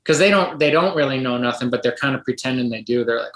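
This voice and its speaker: A man's voice: medium pitch, fast, hardly any pauses, fairly bright tone. A middle-aged man, a podcast guest, telling a long story in a rambling casual way, full of likes and ums, acting out the voices of others. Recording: roomy echo.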